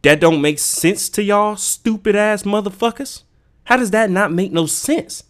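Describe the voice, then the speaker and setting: A podcast host with a high voice takes his time through a heated, profane solo rant. This casual ranting monologue is packed with emphatic rhetorical questions.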